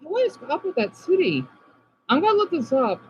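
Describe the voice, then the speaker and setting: A man from Arizona streaming casually, reading chat comments aloud and reacting, moving between subdued talk and excited outbursts. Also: very high-pitched, normal speed, lo-fi sound, slight background noise.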